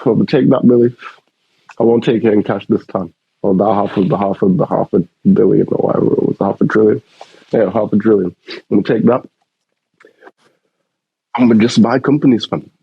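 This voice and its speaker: A man's voice: lowish voice, fairly quick, gravelly, long pauses, slightly rough, dry recording, highs cut off. A young man co-hosting a podcast, boasting in slangy, repetitive talk. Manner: boastful, slangy, repeats himself. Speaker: podcast co-host. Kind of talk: casual chat.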